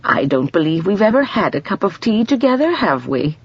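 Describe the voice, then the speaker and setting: A woman voicing a gentle but firm, cheerful grandmotherly older woman. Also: medium pitch, very animated, fairly quick, slightly rough, highs cut off, pitched above the performer's own voice. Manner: gentle, firm, warmly amused.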